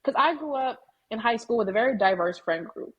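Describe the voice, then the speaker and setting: Animated and fairly quick, this twentysomething woman speaks with a fairly high, slightly breathy voice, and the recording has its highs cut off. A graduating student, she's a guest in a casual interview, sharing frank stories full of "like."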